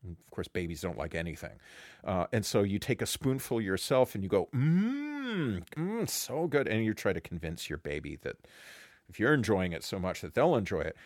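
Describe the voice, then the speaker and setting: Animated low-voiced male podcast host. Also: a little fast, no echo, studio quality. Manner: animated, swings into acted quotes, swears. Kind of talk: casual intellectual conversation.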